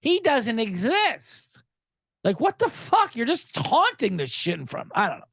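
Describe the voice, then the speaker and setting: A man's voice: extremely high pitch, unhurried, slightly rough, no room sound, clean studio sound. A man hosting a podcast, ranting sarcastically with swearing and acted-out dialogue. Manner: animated, sarcastic, swears, acts out snippy dialogue. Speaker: podcast host. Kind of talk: comedic rant.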